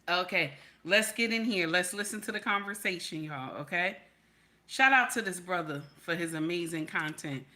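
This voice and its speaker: Female livestream host, chatty and familiar, repeats lines for emphasis, bright clear tone. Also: on the low side. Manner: chatty, greets viewers as baby and honey. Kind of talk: casual livestream commentary.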